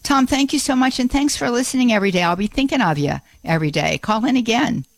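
A woman hosting a Catholic call-in radio show, warmly effusive and fond of repeating words like "beautiful". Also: fairly high pitch, lively intonation, fast, no room sound.

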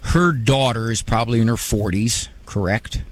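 Joking male radio call-in host. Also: mid-range voice. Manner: quick, joking, repeats himself. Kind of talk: casual advice call-in talk.

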